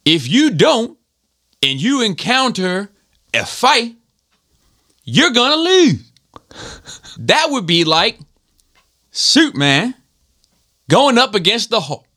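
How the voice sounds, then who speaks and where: A man imitating a shouting former Marine drill instructor who clips the ends of his words. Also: high-pitched, sing-song, slow pace, long pauses, voice pushed up, exaggerated voice. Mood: barking. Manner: clipped, trails off word endings.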